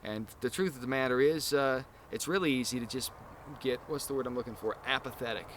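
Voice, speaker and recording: A man's voice: mid-range voice, fairly quick, a bit bright, slight background noise. A man hosting a casual podcast chat, talking in long, earnest, rambling explanations. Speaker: podcast host.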